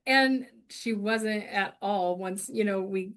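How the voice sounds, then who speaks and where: A woman co-hosts a relaxed podcast conversation. She agrees readily, chimes in with short affirmations, and laughs often. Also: medium pitch, slow pace. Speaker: podcast co-host. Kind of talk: casual conversation.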